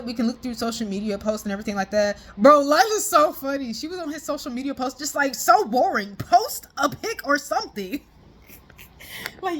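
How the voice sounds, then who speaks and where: A woman chatting casually as if on a call with a friend, excited and slangy, rambling and laughing often. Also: a little high. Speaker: vlogger.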